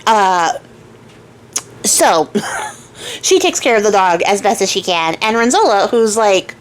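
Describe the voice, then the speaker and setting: A woman's voice: mid-range voice, big pitch swings, normal speed, a little hiss or hum. A woman hosting a craft channel who retells a fairy tale in a chatty, wry, casual way and laughs often. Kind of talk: casual storytelling vlog.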